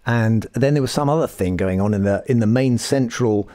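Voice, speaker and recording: A man's voice: medium pitch, moderate pace, warm tone, no room sound. An older man, chatting casually on a podcast, dry and self-mocking as he tells anecdotes. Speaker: podcast pundit. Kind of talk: casual chat.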